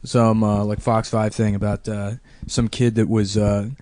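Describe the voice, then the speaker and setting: A man's voice: lowish voice, flat delivery, measured pace, darkish tone, no echo. A man co-hosting a podcast, chatting casually and telling crude stories between laughs. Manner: profane, laughing storyteller. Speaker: podcast co-host. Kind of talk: casual chat.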